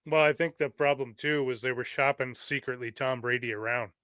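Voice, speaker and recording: Bright, clear-voiced man, dry sound. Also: mid-range voice, fairly quick, no room sound. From Canada. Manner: relaxed storytelling, laughs easily. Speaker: podcast co-host. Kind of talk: casual sports chat.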